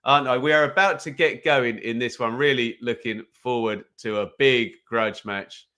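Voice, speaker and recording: A man hosts a live football watch-along from a home streaming setup, talking into a desk microphone. His voice is bright and forward, and his pitch sits in a middle range. He chats loosely, reads out viewer comments and drifts into casual play-by-play. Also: moderate pace, smooth.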